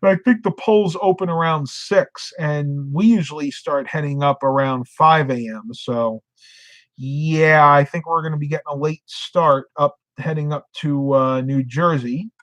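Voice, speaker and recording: A man's voice: on the high side, unhurried, fairly bright tone, no echo. Middle-aged man, drowsy late-night streamer, dry close sound. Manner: rambling, reads chat comments aloud. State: sleepy, yawning. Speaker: live streamer. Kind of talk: casual live stream chat.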